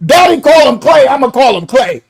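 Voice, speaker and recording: A man hosting a live online ministry stream, commenting on a video in an animated way, laughing often and breaking off to apologize. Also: extremely high pitch, normal speed, creaky, rough recording.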